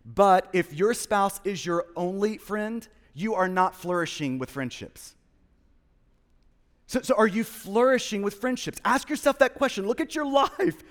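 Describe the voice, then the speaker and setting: A man's voice: sits high, expressive, unhurried, in a large hall. A man in his thirties preaching a sermon, earnest, often repeating words and restarting. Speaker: pastor.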